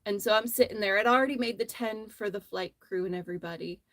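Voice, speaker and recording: A woman's voice: medium pitch, fast, no room sound. A woman hosting a casual crochet livestream from her phone, telling a rambling, friendly story as she works. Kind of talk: casual chat while crocheting.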